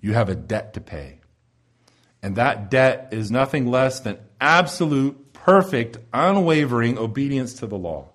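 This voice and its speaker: Emphatic male preacher. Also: lively intonation. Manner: emphatic, wide swings in pitch and loudness, slows for key phrases. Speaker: pastor. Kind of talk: expository sermon.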